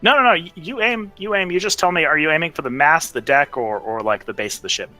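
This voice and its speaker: Excitable man running a tabletop game. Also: a little high, quick pace, faint music behind, poor audio. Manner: excitable, exclaiming. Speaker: game master.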